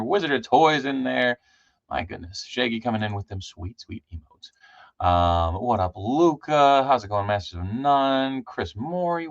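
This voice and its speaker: A man hosting a casual live stream, chatty and loose, shouting out viewers by name with lots of ums. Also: medium pitch, no room sound, highs cut off. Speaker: livestream host.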